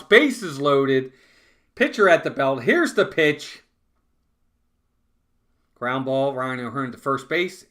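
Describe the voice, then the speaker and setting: A man doing live fan play-by-play of a baseball game, talking to his chat and venting when calls go against his team. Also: medium pitch. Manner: excitable, groans and vents frustration at calls.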